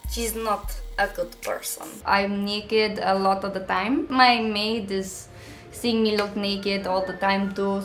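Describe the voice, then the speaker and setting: A woman's voice: mid-range voice, fairly bright tone, reverberant. Svetlana, a woman doing a thick-accented Russian diva. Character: vain, aloof Russian woman who lounges naked at home.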